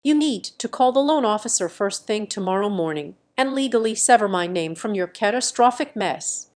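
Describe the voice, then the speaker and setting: A woman voicing a ruthless, heavy-set male family patriarch who speaks in low, growling threats. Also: lively intonation, normal speed. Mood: menacing.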